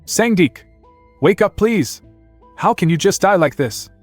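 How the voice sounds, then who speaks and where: A man's voice: high-pitched, normal speed, soft background music, voice pushed up, natural voice. A man voicing a distraught young woman who cries out and pleads. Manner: crying out, pleading.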